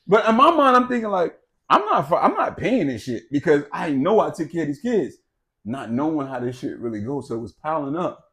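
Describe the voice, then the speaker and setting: A man telling a personal story in casual chat, animated, swearing and laughing, swinging from loud outbursts to low, quiet stretches. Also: a little fast. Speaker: podcast co-host.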